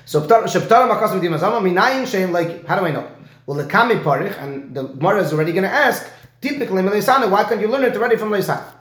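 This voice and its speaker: A slightly high-voiced man teaching a Talmud lesson at a brisk clip, tossing in a quick "right?" to check his student follows. His voice rings around an echoey room. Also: a bit bright. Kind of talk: lecture on Talmud and Rashi.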